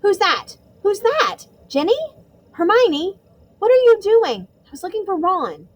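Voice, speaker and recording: A woman's voice: extremely high pitch, big pitch swings, measured pace, no room sound, pitched above the performer's own voice, full character voice. A woman voicing a flustered, panicky teenage boy who yelps his questions.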